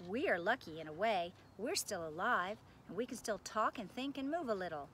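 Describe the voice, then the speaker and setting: A woman's voice: mid-range voice, expressive, normal speed, fairly bright tone, slight background noise, natural voice. A woman doing frightened moaning gargoyles. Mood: mournful. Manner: moaning, fearful, whispering. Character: frightened stone gargoyle brothers, male.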